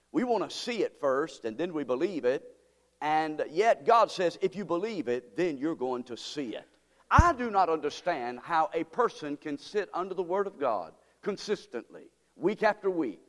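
A man's voice: a little high, fairly bright tone. A man preaching a sermon from the pulpit, firing rhetorical questions at the congregation. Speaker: pastor. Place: church sanctuary. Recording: long hall reverb in church.

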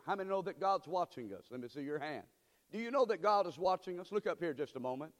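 A man preaching a sermon as pastor, swinging between calm teaching and sudden loud, emphatic bursts. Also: fairly high pitch, quick pace, long reverb tail. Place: church sanctuary.

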